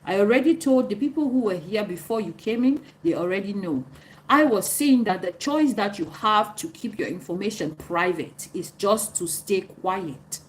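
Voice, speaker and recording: A woman's voice: medium pitch, animated, normal speed, poor audio. A woman talks straight to her livestream viewers in an earnest, lecturing way, picking out commenters by name as she goes. Her voice sits in a middle range for a woman. A faint noise runs under the recording. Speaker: livestream host. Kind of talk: advice talk on a livestream.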